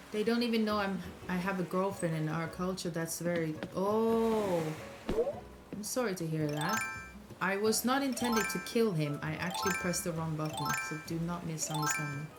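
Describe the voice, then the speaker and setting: A young woman, chatting casually with viewers while playing a game on a live stream. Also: lowish voice. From Norway. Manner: chatty, answers chat aloud, quick asides to the game. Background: loud game music.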